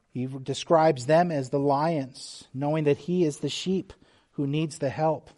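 A man preaching a sermon as pastor, earnest and measured, with restarts and small asides. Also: fairly high pitch, fairly even intonation, warm tone.

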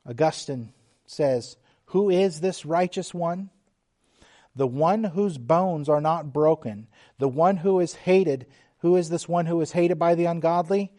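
A middle-aged man preaching a sermon, slow and emphatic, dropping suddenly to quiet, hushed lines. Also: fairly high pitch. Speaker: pastor.

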